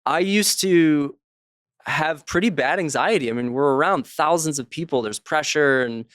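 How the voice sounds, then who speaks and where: A man's voice: fairly high pitch, moderate pace, a bit bright, no room sound, studio quality. A man, an author, talking casually as a guest in an interview and telling anecdotes, slipping into the voices of the people he quotes.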